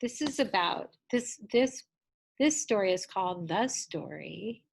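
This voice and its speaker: Slow, gentle woman teacher. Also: medium pitch, expressive, creaky, slightly rough, rough recording. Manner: gentle, encouraging, asks children questions. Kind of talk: lesson for young children.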